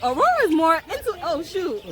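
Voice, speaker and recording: A woman's voice: extremely high pitch, sing-song, normal speed, music in the background. A young woman filming a family outing, coaxing her toddler and laughing often. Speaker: mother and vlogger. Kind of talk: casual family vlog narration. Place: outdoor aviary with birds.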